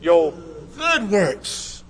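A man's voice: sits high, very animated, very slow, a bit bright, slightly rough, rough recording. A man preaching a sermon, quoting scripture in old-fashioned wording, with rhythmic swells and sudden drops for emphasis.

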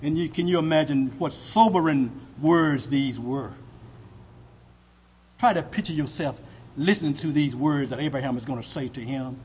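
A man preaching a sermon with a husky voice, asking the congregation rhetorical questions. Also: a little high, moderate pace, darkish tone. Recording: long hall reverb.

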